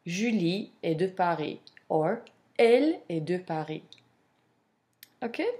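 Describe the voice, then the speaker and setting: Female French teacher, unhurried and methodical, slightly low voice. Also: expressive, warm tone. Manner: slow, deliberate explanations, modelling French pronunciation with fillers. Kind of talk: language lesson.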